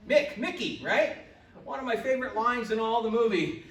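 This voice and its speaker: Animated male pastor in an echoey church. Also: extremely high pitch, moderate pace. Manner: animated, builds to loud exclamations. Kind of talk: sermon. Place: church sanctuary. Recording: echoey church, mic from a distance.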